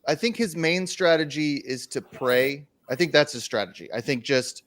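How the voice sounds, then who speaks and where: A man's voice: on the high side, normal speed, fairly bright tone. A man on a sports betting podcast panel, giving his picks in a wry, casually dismissive way. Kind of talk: casual sports analysis chat.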